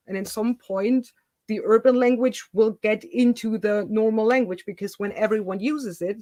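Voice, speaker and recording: Woman, German accent, animated storyteller, casual call chat, dry close sound. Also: mid-range voice, dry recording. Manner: animated storyteller, laughs often. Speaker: YouTuber host. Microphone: video call.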